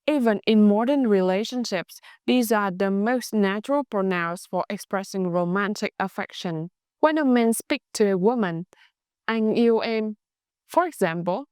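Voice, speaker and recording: A woman with a Vietnamese accent teaching a language lesson in a clear, patient, scripted way. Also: mid-range voice, a little mellow, no echo, clean studio sound.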